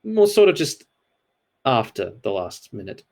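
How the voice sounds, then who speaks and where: A man voicing an anxious old male servant in a read-aloud storybook scene, with a higher, pinched delivery. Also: sing-song, a little slow, a little mellow.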